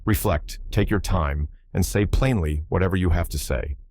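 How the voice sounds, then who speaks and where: A man's voice: deep voice, moderate pace, darkish tone, no room sound, studio quality. A man voicing a stern, commanding ship captain in an audiobook. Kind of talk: audiobook character voice.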